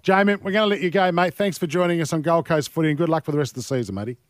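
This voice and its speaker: An upbeat Australian man runs a footy radio show from the studio. His voice sits a little higher than most and sounds dry and close. He teases his guests in a quick, lively way. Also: no echo. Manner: teasing, upbeat. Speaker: radio host. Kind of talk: sports radio hosting.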